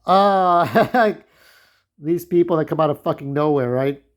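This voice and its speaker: A man with a voice a touch higher than usual talks through a loose, reminiscing monologue. He is blunt and candid, wanders off on tangents and swears freely. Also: a little slow. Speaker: vlogger.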